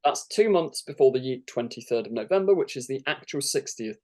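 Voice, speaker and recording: A man's voice: medium pitch, lively intonation, fairly quick, warm tone. A young man, a guest in a casual fan chat, eager and acting out imagined lines. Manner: enthusiastic, acts out imagined lines.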